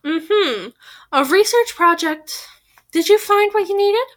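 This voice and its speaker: A woman voicing a sharp, suspicious teenage girl who talks with sarcasm and accusation. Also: high voice, animated, moderate pace. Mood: sarcastic.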